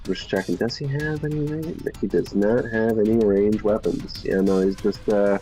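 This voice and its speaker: A man's voice: on the low side, normal speed, mellow, soft background music. A man playing in a casual tabletop game, hesitant and repeating himself as he thinks aloud. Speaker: player.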